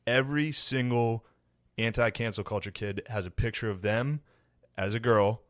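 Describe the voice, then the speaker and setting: A man co-hosting a podcast in casual chat, with a deadpan, ironic delivery and mocking voices. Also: medium pitch, normal speed, no room sound, clean studio sound. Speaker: podcast co-host.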